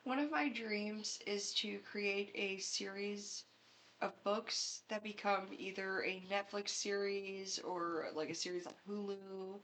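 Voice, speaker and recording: A young woman co-hosting a podcast, talking casually and earnestly, quick to laugh. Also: mid-range voice, fairly even intonation, a bit bright, slight background noise. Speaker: podcast co-host. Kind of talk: casual chat.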